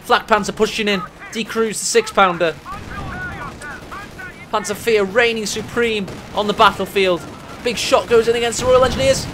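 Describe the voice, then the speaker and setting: A man casting a strategy game match, excitable and jokey, his voice rising to shouts at the big plays. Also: high voice, normal speed, background noise. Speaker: game caster. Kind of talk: energetic esports commentary.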